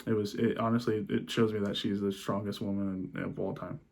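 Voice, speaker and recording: Young man, vlogger, personal story, quiet halting delivery, emotional, restarts sentences. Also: on the low side, little pitch movement, gravelly. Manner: subdued and halting, with many restarts.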